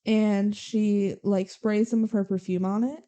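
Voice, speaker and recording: A young adult woman co-hosting a podcast, retelling a movie plot in animated casual chat with swearing and acted-out quotes. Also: medium pitch, a little slow. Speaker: podcast co-host.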